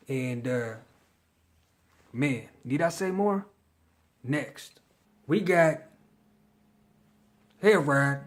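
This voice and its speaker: A man giving a casual fragrance review in a slangy, chatty way, hyping the ones he likes. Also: a little high. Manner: slangy, chatty, hypes his picks.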